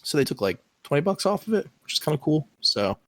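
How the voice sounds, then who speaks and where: A man's voice: fairly high pitch, big pitch swings, quick pace. A man co-hosting a podcast in casual, rambling chat with lots of fillers. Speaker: podcast co-host. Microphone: online call recording.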